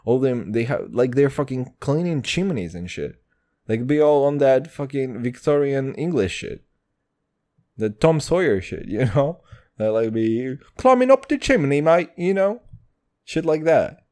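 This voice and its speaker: A man's voice: mid-range voice, lively intonation, measured pace, dark tone. A man in his twenties hosting a podcast alone, talking in a profane, rambling, slang-heavy casual monologue. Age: 20s. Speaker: podcast host.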